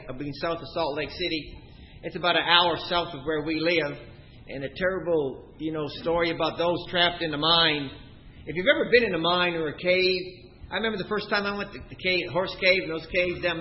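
A middle-aged man from Canada preaching a sermon, telling stories and swinging between loud emphasis and quiet asides. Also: fairly high pitch. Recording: dull lo-fi recording.

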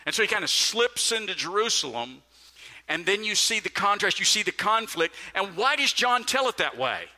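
Middle-aged male preacher, high-pitched and very bright, emphatic sermon with sudden quiet dips, big hall reverb. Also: normal speed. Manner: emphatic, animated delivery with sudden drops in pitch and volume. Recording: long reverb of a large hall.

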